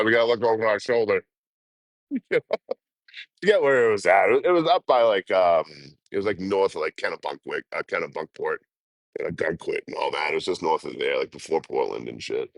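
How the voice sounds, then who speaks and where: Casual, profane male vlogger with a low voice and a dry sound, storytelling to chat. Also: animated, fairly quick, long pauses, no room sound. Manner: profane, rambling storyteller who laughs often.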